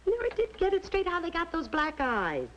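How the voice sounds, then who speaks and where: A gentle middle-aged mother. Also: very high voice, huge pitch swings, normal speed, lo-fi sound, noisy background, heavily acted. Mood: chatty. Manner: gentle, chatty.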